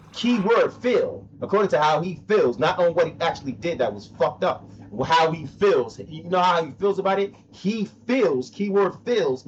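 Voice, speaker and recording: A man's voice: fairly high pitch, highs cut off, a little hiss or hum. A man live-streaming, talking bluntly in a casual rant while playing a game, repeating himself, swearing and saying "bro" a lot. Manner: blunt, repetitive, says "bro" often, swears.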